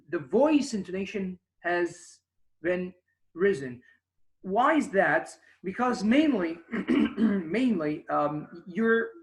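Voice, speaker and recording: A man's voice: high-pitched, fairly bright tone. A man teaching a beginners' English conversation lesson. He often hesitates and restarts, then stresses the example phrases he is teaching. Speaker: English instructor. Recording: echoey room.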